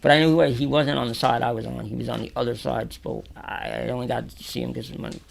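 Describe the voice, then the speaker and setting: Talking at a quick pace in a creaky, mid-range voice, this New Yorker is being interviewed in a radio or podcast studio. He tells his prison stories casually and with plenty of animation, cursing freely and performing other people's lines with loud exclamations.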